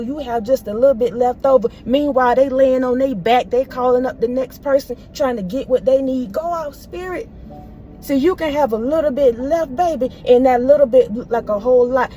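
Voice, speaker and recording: A woman with a fairly high, mellow voice gives a spiritual reading straight to her viewers. She preaches emphatically in loose, slangy phrasing, circling back over her points and calling the listener "baby" again and again. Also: a little hiss or hum. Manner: casual, repetitive, slangy phrasing. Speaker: spiritual reader.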